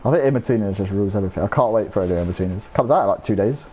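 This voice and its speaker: A man's voice: on the low side, very fast, dark tone, slight background noise, rough recording. Young dude streaming a game, rambling and swearing, keeps forgetting what he was saying. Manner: rambling, swears freely, loses his train of thought. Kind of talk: casual chat while gaming.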